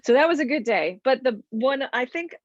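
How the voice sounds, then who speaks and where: A woman's voice: sits high, lively intonation, moderate pace, no echo, dull audio. A middle-aged woman, a folk musician, chatting at a panel about being interviewed, with frequent restarts. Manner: chatty, with many restarts and fillers. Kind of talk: casual panel talk.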